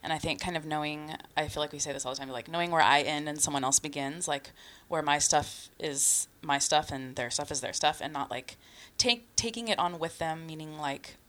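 A woman's voice: deep voice, fairly quick, hardly any pauses, a bit bright. A woman co-hosting a casual podcast, thinking aloud in a hesitant, reflective way with many fillers.

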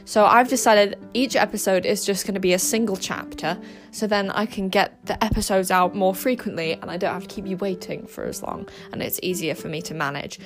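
A woman's voice: medium pitch, a little fast, soft background music. A teenage girl hosting her own podcast, chatting briefly and then reading a chapter of a children's book aloud. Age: teens. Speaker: podcast host and storyteller.

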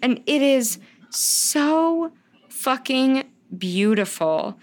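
A woman's voice: sits high, expressive, drawn-out words. A woman co-hosting a podcast in casual chat, gushing and swearing freely, often laughing as she talks. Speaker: podcast co-host.

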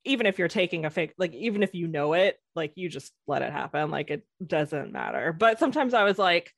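A woman's voice: lowish voice, very animated, fairly quick, creaky, hardly any pauses, no room sound, clean studio sound. A woman telling stories as a guest on a casual podcast, rambling with many fillers and restarts. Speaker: guest, former theme park employee.

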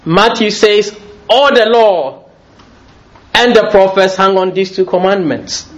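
A high-voiced, middle-aged man delivers a sermon, playful and quick to laugh. The sound is a little muffled and lo-fi. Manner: lively, jokey, often laughing as he talks. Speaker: preacher.

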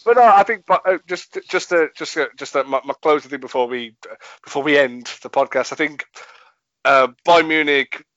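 A man's voice: fairly high pitch, moderate pace, fairly bright tone, no echo, highs cut off. Blunt swearing man hosting a podcast. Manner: blunt, swearing, laughing often. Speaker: podcast host. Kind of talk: casual banter podcast.

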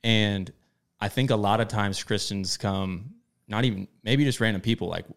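A man's voice: fairly low pitch, moderate pace, gravelly. A young married man co-hosting a faith podcast, talking in a casual, enthusiastic way. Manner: casual, enthusiastic, calls people bro. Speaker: podcast co-host. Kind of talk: candid faith podcast chat.

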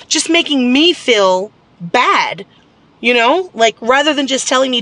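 Bright-voiced woman venting in a vlog. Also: a little high, lively intonation, fairly quick. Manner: candid, rambling venting with many fillers. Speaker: vlogger. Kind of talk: casual storytime vlog.

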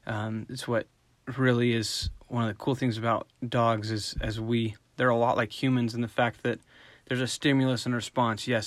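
Man, middle-aged, dog trainer, casual teaching talk, average pitch, dry close sound. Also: no echo. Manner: relaxed and conversational, acting out quick voiced examples.

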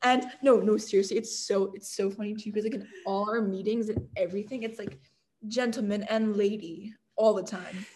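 A young woman from Canada telling stories in a casual interview, chatty and animated, full of "like" fillers and laughter. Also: mid-range voice, fairly quick, hardly any pauses, slight background noise. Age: young adult. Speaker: guest, college football kicker.

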